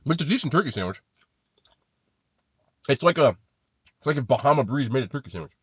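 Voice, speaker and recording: A man's voice: mid-range voice, lively intonation, fast talker, breathy edge, no room sound. A man reviewing chain restaurant sandwiches in a casual vlog, blunt and swearing freely as he rates them. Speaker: food vlogger.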